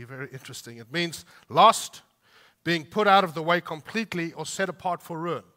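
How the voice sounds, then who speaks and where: A man preaching a sermon with emphasis. He lifts his voice when he reads scripture and drops low for quiet asides. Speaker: pastor. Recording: long reverb of a large hall.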